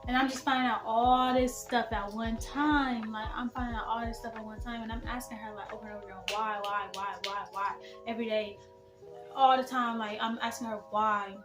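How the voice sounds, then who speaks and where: A young woman in her teens telling a dramatic personal story as a vlogger, emphatic and animated, talking straight to her viewers. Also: a little high, brisk, roomy sound, over music. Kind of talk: storytime vlog.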